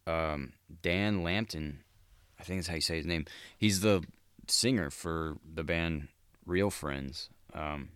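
A man's voice: a bass voice, slow pace, fairly bright tone, clean tone, no room sound. A man hosting a solo podcast, talking in a profane, rambling, casual monologue. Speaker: podcast host.

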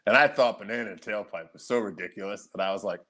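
A man co-hosting a podcast, telling stories in casual chat, animated and laughing often, with frequent swearing. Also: fairly low pitch, fast. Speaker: podcast co-host.

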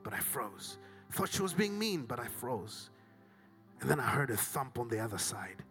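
A middle-aged man from Africa with a Southern African accent, preaching a sermon, swinging from hushed whispers to shouted climaxes. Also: medium pitch, animated, normal speed, soft background music. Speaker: pastor.

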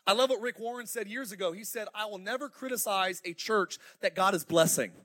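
A middle-aged male pastor preaching a fiery, animated sermon in a church auditorium, calling out to the congregation. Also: high-pitched, a little fast. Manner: fiery, animated preaching with crowd call-outs.

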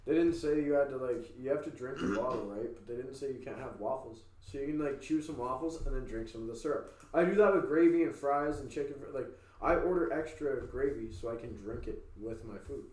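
Brash Canadian podcast co-host, swears a lot, recorded in an echoey room. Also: male voice, mid-range voice, brisk, few pauses, far from the mic. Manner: loud, crude, laughing. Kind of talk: casual stoned banter.

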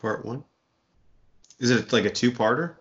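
A man's voice: medium pitch, moderate pace, a bit bright. A man co-hosting a podcast in casual chat, handing out movie recommendations in a wry, bossy, sarcastic way. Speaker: podcast co-host. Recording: muffled lo-fi podcast audio.

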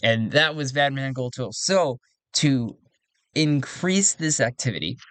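Male solo game narrator, musing aloud over dice rolls, mid-pitched, dry close mic. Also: lively intonation, unhurried, fairly bright tone, no room sound. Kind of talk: solo tabletop role-play narration. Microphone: close desk microphone.

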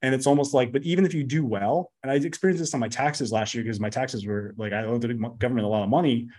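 Guesting on a podcast, a business coach talks in a mid-range, slightly mellow voice. His casual interview chat is quick, rambling, and blunt, with swearing and constant "like" and "you know."

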